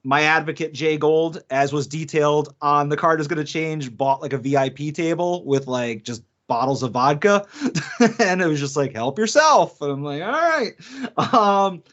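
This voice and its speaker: A man's voice: on the high side, normal speed. A man co-hosting a podcast, telling stories casually, acting out quotes and laughing often. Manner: animated storyteller, acts out quotes, laughs often. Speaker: podcast co-host. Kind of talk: casual chat. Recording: dull lo-fi podcast audio.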